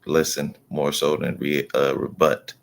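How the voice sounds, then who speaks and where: A man's voice: rumbling low, completely flat delivery, creaky, a little hiss or hum. A laid-back man with a Northern Midwest American accent chatting casually about news. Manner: laid-back, slow, defensive when teased.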